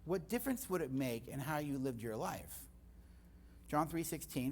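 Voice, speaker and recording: An older man preaching a sermon in a church, telling stories with lively energy. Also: medium pitch, moderate pace, a little hiss or hum. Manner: storytelling, animated. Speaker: guest speaker.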